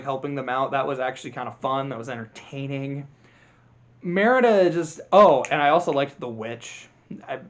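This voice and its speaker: A young man casually reviewing animated movies, rambling with sarcastic, self-deprecating asides. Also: medium pitch. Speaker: video essay host.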